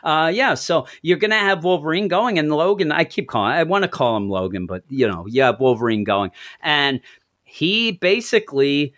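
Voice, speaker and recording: A man's voice: on the high side, very animated, moderate pace, a bit bright. A middle-aged man co-hosting a podcast in casual chat, telling long rambling stories and chuckling as he goes. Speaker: podcast co-host.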